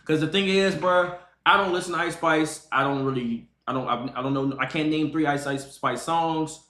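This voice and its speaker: A man's voice: on the high side, normal speed, a bit bright, reverberant. A man streaming, giving a mocking, emphatic reaction to a video and repeating himself for effect. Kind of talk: casual reaction commentary.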